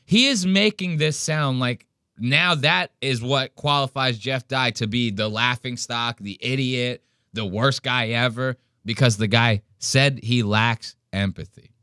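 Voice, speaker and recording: Man, podcast host, blunt profane rant, bright forceful voice, dry close sound. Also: medium pitch, measured pace, clean tone, no echo. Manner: blunt, profane, animated ranting. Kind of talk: casual commentary.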